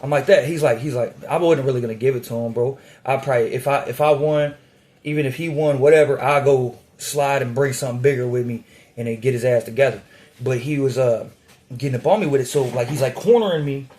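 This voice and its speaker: A young man from Indiana telling a casual prison storytime, profane and animated, getting louder as it heats up. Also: medium pitch, fast. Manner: profane, animated, gets louder when worked up.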